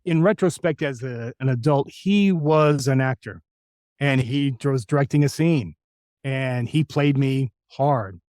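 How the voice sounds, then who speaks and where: Animated male voice actor telling stories. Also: medium pitch, unhurried, no echo, clean studio sound. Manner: animated anecdote teller who acts out quotes. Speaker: voice actor guest. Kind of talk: storytelling in a podcast interview.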